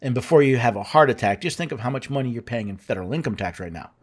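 A man's voice: mid-range voice, animated, racing. A man hosting a show, explaining his points in a casual, conversational way with fillers and restarts. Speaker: host. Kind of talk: explanatory commentary.

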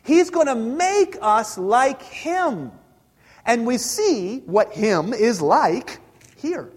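A man's voice: extremely high pitch, sing-song, drawn-out words, slightly rough. A man in his forties preaching a sermon in a church, talking casually with the congregation and asking them questions. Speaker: pastor. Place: church sanctuary. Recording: hall reverb.

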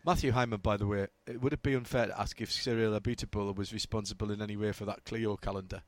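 A man co-hosting a casual motorsport chat, teasing with quick asides and questions. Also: fairly low pitch, fairly even intonation, dry recording. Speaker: co-host.

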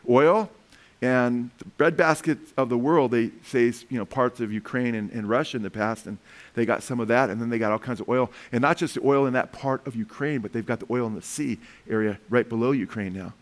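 Middle-aged male preacher, mid-pitched, rambling delivery, many restarts. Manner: rambling, animated, frequent restarts. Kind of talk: sermon with commentary.

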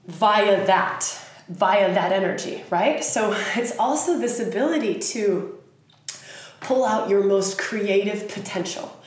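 A woman's voice: medium pitch, a little mellow. A woman giving a casual spiritual talk in an earnest, frank way, swearing casually as she goes. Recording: very echoey room.

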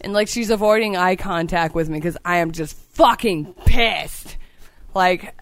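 A woman's voice: fairly low pitch, a little slow. A young woman co-hosting a podcast, telling a story in a casual, profane way and acting out her own anger. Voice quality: animated, swears a lot, acts out her own anger. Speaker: podcast co-host.

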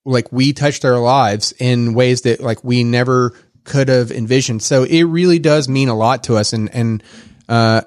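A man hosting a podcast in casual chat, rambling with lots of fillers and quick laughs. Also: mid-range voice, fairly even intonation, no room sound, clean studio sound. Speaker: podcast host.

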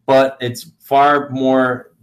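A man's voice: medium pitch, level tone, extremely slow. A young man, co-hosting a podcast and telling rambling stories, swearing freely. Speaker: podcast co-host. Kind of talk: casual chat.

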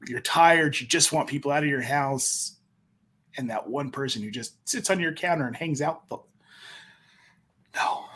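A man from Denver co-hosting a casual sports podcast, blunt and emphatic and quick to swear. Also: medium pitch, a bit bright, slightly rough. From Denver, USA. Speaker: podcast co-host.

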